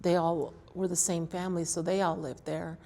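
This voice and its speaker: Woman, sixties, oral history interviewee, animated storyteller who acts out quotes. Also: on the low side, moderate pace, vocal fry. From Colorado, USA.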